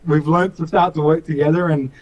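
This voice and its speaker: A man's voice: fairly high pitch, steady tone, fairly quick, highs cut off. A young Australian man, a speedcar driver, chatting in an interview with many fillers and restarts, acting out little dialogues. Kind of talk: casual interview chat.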